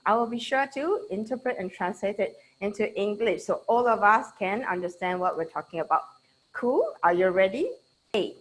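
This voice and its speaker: A Singaporean woman leading a lively online training webinar, chatty and checking in with her audience. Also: a little high, rough recording.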